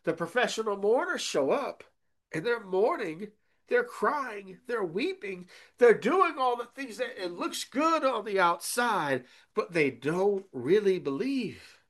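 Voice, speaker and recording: A pastor delivering a sermon in a fairly high male voice. He preaches emphatically, turning to the congregation with "okay?" and dropping from loud points to quiet asides. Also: sing-song, a little slow. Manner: emphatic, often checks in with the congregation.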